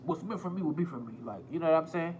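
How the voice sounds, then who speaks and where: A man's voice: fairly high pitch, animated, very fast, noisy background. A man vlogging a casual storytime on a phone, rambling, repeating himself and swearing freely. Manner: rambling, profane, self-repeating.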